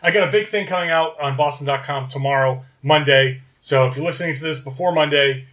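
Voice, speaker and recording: A man's voice: a little high, brisk, a bit bright. A man co-hosting a casual sports podcast, running through stats and correcting himself as he goes. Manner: reads off stats, self-correcting. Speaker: podcast co-host.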